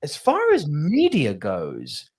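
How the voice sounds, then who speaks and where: A man's voice: a little high, huge pitch swings, takes it slowly, a little mellow. A man co-hosting a podcast in casual chat, rambling, often restarting his sentences and swearing casually. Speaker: podcast co-host.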